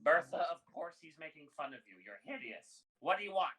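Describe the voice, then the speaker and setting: A man's voice: fairly high pitch, very animated, fairly quick, fairly bright tone. A man voicing a blunt, insulting old barmaid in a tabletop game. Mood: snappish. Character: rude, sharp-tongued old barmaid twin.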